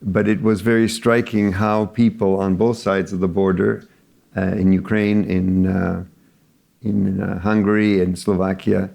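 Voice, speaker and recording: Low gravelly older cardinal. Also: male voice, level tone, a little mellow. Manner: measured, hesitant, many fillers. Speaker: cardinal, panel guest. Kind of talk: panel discussion answer.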